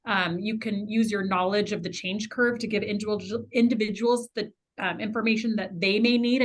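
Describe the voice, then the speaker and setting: Woman, meeting participant, reads bullet points, brisk list delivery, video call. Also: medium pitch.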